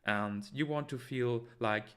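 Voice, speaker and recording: A man's voice: medium pitch, a little slow, a bit bright. Heated man arguing with live chat. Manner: argumentative, heated, many fillers and restarts. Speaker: live stream host. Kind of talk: live stream, reading and answering chat comments.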